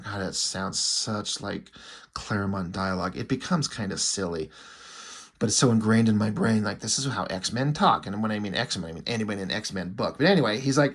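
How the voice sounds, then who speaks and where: A man's voice: lowish voice, fairly quick, a bit bright, slightly rough. A man reviewing a comic book in casual commentary, irreverent and wry, with frequent swearing.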